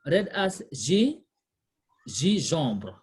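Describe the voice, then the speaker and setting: A woman tutors a learner one-on-one in a husky, slightly low voice. Her pitch moves a lot as she patiently repeats questions to the learner. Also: sing-song, drawn-out words, darkish tone. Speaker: language tutor. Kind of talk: one-on-one lesson.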